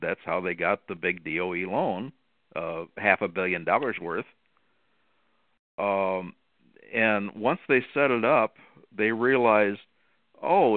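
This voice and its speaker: A man's voice: lowish voice, dry recording. Indignant man caller on a phone line. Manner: indignant, ranting about wasted money. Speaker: regular caller. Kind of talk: call-in commentary.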